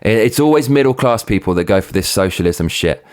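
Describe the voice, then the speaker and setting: A man's voice: lowish voice, lively intonation, a little fast, smooth. A man hosting his own show, ranting heatedly with plenty of swearing and sarcastic mockery. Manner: sarcastic, mocking. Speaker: host. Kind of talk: opinion rant.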